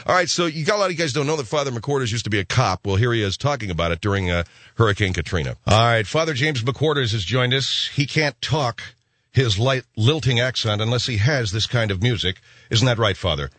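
A man hosting a comedy radio talk show, brisk and dismissive with callers. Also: medium pitch, lively intonation, fairly bright tone, no room sound.

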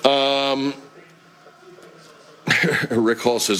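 A man's voice: lowish voice, animated, drawn-out words, long pauses, sharp tone, slight background noise. A middle-aged man, a voice actor, hosting a casual live-stream chat, reading comments in a profane, rambling, laid-back way.

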